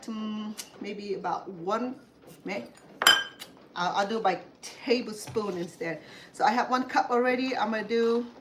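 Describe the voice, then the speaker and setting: Hosting a casual cooking demo in her home kitchen, a Cambodian woman talks in rambling asides with frequent fillers and restarts. Her voice is on the high side. The background is noisy, with the clear clatter of dishes, pots and pans.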